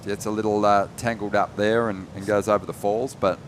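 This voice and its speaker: A man calling a surf contest live, relaxed, rising in energy on big turns. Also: on the low side, brisk, a little hiss or hum. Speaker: surf commentator. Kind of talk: live sports commentary.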